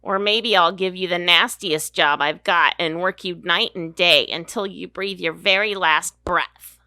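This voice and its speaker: A woman's voice: on the low side, steady tone, unhurried, sharp tone, no room sound. A woman reading the part of a greedy old female witch who runs a bathhouse, in a pinched nasal voice with a scornful manner. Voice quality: nasal, pinched as if holding the nose. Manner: sneering and scornful. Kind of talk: casual read-through of film lines.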